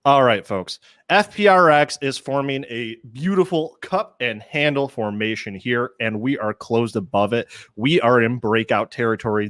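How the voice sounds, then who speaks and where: A man's voice: on the low side, a bit bright, dry recording, studio quality. A man hosting a live stock-trading show, joking and self-mocking as he walks through charts, a little out of breath. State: slightly out of breath. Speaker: host. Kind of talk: live market show chat.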